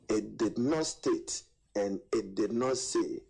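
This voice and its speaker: A man delivers a formal political statement, speaking deliberately and precisely. His voice is husky and sits in the middle range. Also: medium pitch, big pitch swings, darkish tone, poor audio. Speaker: party official.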